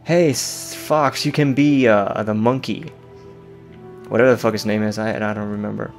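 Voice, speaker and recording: A man's voice: fairly low pitch, fairly even intonation, normal speed, soft background music. A man giving casual let's-play commentary, joking and rambling and swearing freely as he plays. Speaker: gameplay commentator.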